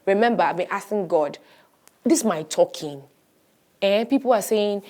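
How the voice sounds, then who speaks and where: A woman pastor in her thirties giving a personal testimony, animated and storytelling, acting out the voices she quotes. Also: medium pitch, normal speed, long pauses. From Nigeria.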